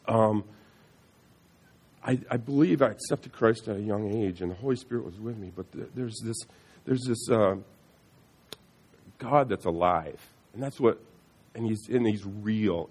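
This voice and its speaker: A middle-aged man sharing a personal faith testimony in an earnest, halting way, often restarting and repeating words. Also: fairly low pitch, darkish tone, slightly rough.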